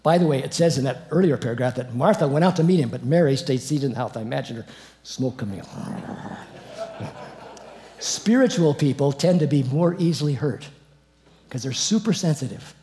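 Middle-aged man, Bible teacher, informal, animated, chuckles often. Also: mid-range voice, fairly quick. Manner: animated, chuckling, reads verses then comments.

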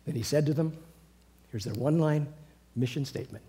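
A man with a mellow, warm voice leads a Bible class for a small group in a meeting room. He retells scripture as a lively story and breaks into chuckles and asides. His pitch sits in the middle of the male range. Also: fairly quick. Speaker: Bible teacher.

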